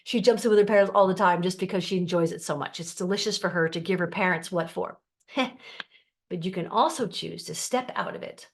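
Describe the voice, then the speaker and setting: Middle-aged woman coaching, calm and explaining, slightly low voice. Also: a little fast, a little hiss or hum. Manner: calm, explanatory, acts out quoted family voices. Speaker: life coach. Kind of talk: teaching to camera.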